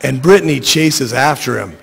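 A man reading a short story aloud in a wry, deadpan storytelling voice. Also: mid-range voice, moderate pace, vocal fry, in a large hall. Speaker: narrator.

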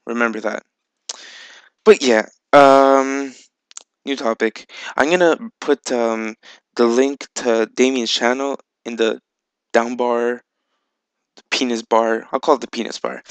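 A man's voice: mid-range voice, smooth, dry recording, rough recording. A man hosting a casual video game vlog, rambling with lots of fillers and casual swearing. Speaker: video game channel host. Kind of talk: casual gameplay vlog chat.

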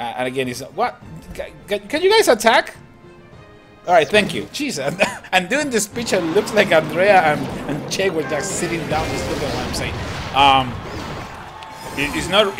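A young man with a Chilean Spanish accent, a tired but excitable gaming streamer who laughs often and repeats himself while commenting on matches. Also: medium pitch. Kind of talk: live-stream game commentary. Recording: clear background music. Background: music.

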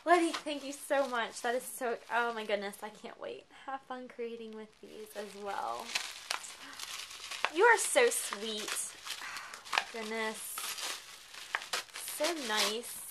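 A woman craft vlogger chatting casually as she unboxes a gift package, gushing and excitable, often gasping with delight. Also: fairly high pitch, measured pace, background noise.

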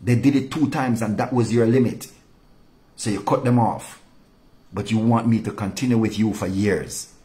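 A male pastor delivering an impassioned, rebuking sermon, dropping low and soft to drive points home. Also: moderate pace.

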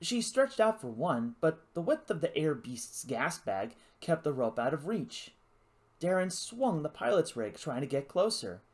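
An audiobook narrator reading an adventure novel aloud in an expressive storytelling manner. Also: medium pitch, measured pace. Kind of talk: scripted narration.

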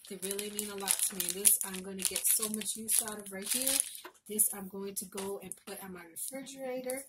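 A woman's voice: medium pitch, fairly even intonation, a little fast, heavy background noise. Gushing woman opening happy mail. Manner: gushing, emotional, repeats herself. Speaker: crafting vlogger. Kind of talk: casual unboxing chat. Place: home.

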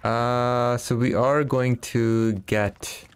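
A man narrating his gameplay in a casual, chatty way, talking through each step as he goes. He speaks slowly and unhurriedly, with faint hiss under his voice. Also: medium pitch, flat delivery. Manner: laid-back, chatty, thinking aloud. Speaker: gaming streamer.

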